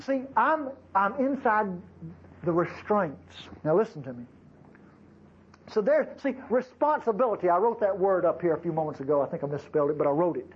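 Folksy preacher, high lively voice. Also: male voice, highs cut off, slight background noise. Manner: folksy, conversational preaching with asides to the congregation. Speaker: pastor. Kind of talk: sermon.

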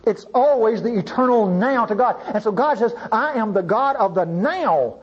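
Brief: male preacher, husky, animated sermon delivery, dull muffled recording. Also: high voice, moderate pace. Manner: animated, pleading, swings from loud to hushed.

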